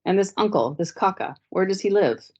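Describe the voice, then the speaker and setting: A woman's voice: mid-range voice, expressive, normal speed, a little mellow, breathy edge, voice pushed up. A woman reading aloud, voicing a polite but grave, self-important male police officer in his thirties, on dull lo-fi meeting audio.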